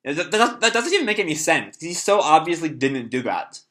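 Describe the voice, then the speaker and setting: A man's voice: a little high, very animated, moderate pace, a bit bright. A man rambling casually through a live reaction to a comic, full of fillers and casual swearing, with a stuffy nose. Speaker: channel host reacting to a manga chapter.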